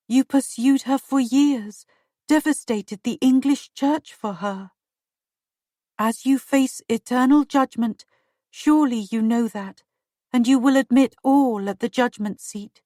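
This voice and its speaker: A young woman posing as a dead queen's ghost drawls her words in a hushed, wispy way, as a female reader puts her on. The voice sits fairly high, and she speaks slowly and deliberately. The sound is close and dry. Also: no room sound.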